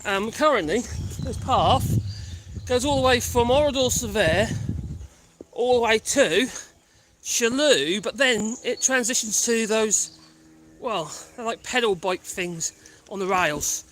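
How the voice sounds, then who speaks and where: A man's voice: high voice, takes it slowly, fairly bright tone, a little hiss or hum. A man chatting casually as he hikes a rural path with his dogs, calling out to them and chuckling often. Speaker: vlogger walking his dogs. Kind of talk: casual rambling chat while hiking. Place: rural footpath outdoors.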